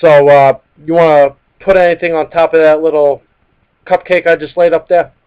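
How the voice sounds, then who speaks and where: A man's voice: on the high side, fairly even intonation, normal speed, clear, resonant tone. A man, hosting a live sports talk show and ranting heatedly with plenty of profanity. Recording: dull lo-fi live stream audio.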